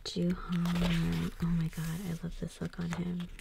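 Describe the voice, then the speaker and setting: Gushing woman with a gravelly voice. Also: fairly low pitch, monotone, fairly quick, noisy background. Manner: gushing, affectionate, frequent soft laughs. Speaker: K-pop fan unboxing photobooks. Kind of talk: casual unboxing commentary.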